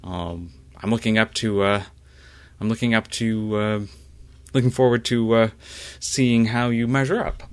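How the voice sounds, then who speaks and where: A man's voice: fairly low pitch, fairly even intonation, unhurried, clean tone, no room sound, voice pushed up, lightly acted. A man voicing a cocky young female Jedi initiate who teases a newcomer. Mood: teasing. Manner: teasing, challenging.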